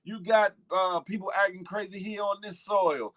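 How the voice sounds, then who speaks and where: A man hosts a morning live stream in a high-sitting, fairly bright voice with a steady tone and normal speed. He chats loosely in slang, greets viewers by name, and riffs on internet gossip.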